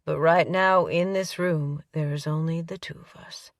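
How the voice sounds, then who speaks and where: A woman narrator voicing a passionate young woman, speaking softly and breathlessly. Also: low-pitched, fairly even intonation, unhurried, dry recording, clean studio sound, far from the mic. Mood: intimate.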